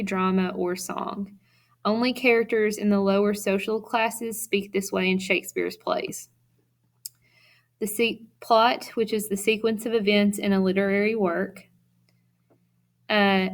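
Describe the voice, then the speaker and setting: A woman teacher talks through a prepared lesson, reading her notes in a steady, even way. Now and then she drops in a small filler before carrying on. It sounds like a recorded classroom lecture. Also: mid-range voice. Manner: reads notes aloud steadily, with occasional fillers.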